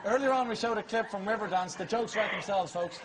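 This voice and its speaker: A man with an Irish accent hosting a TV chat show, teasing and quick-witted. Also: sits high, a loud crowd. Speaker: talk show host. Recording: TV studio with loud audience and noise.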